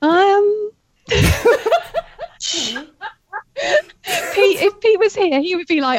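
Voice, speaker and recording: A woman getting over a heavy cold, talking as a guest in a casual interview over a remote call, chatty and excitable and laughing often. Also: extremely high pitch, drawn-out words, pauses often, a little hiss or hum. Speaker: guest, author and audiobook narrator.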